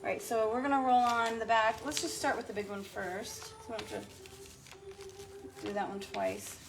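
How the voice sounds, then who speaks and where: A woman's voice: on the high side, fairly even intonation, normal speed, creaky, background noise. A woman in her thirties hosting a casual crafting tutorial, chatting to viewers as she works. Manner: chatty, talks to viewers and her child while working. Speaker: craft video host.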